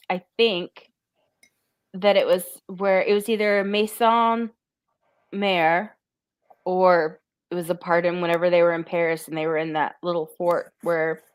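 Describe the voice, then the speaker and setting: A woman's voice: lowish voice, fairly even intonation, measured pace, long pauses, smooth. Rambling giggly woman podcast co-host. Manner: rambling, giggly, filler-heavy. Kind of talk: casual chat.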